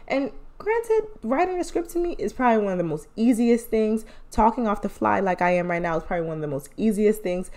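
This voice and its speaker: A woman's voice: mid-range voice, animated, fairly quick, hardly any pauses, darkish tone. A young woman hosting her own podcast, talking casually and rambling, with playful asides and laughs. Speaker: podcast host. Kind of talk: casual solo podcast update.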